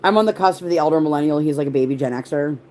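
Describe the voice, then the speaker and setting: A roughly forty-year-old woman speaks very fast in a low, slightly mellow voice while hosting a casual livestream. She rambles through tangents, answers what viewers write, and relies heavily on "like."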